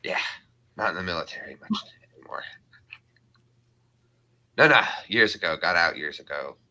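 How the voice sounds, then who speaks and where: A young man hosting a live chat stream in a playful, jokey way. His voice is bright. His pitch swings widely as he clowns around. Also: animated, normal speed, highs cut off. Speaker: livestream host. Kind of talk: casual chat.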